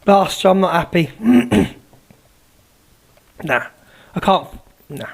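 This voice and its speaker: A man's voice: high voice, slow, pauses often. A man hosting a phone live stream, chatting bluntly and teasingly while thanking viewers for gifts.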